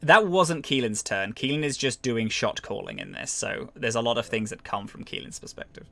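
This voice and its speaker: A man acting as game master, narrating a tabletop game in an animated way and adding sound effects. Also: medium pitch, moderate pace, vocal fry.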